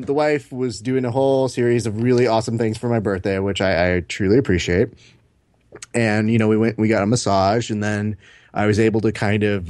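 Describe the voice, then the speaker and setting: A podcast co-host in his thirties tells stories during casual chat, animatedly acting out the quotes and swearing now and then. His voice is lowish and there's no echo.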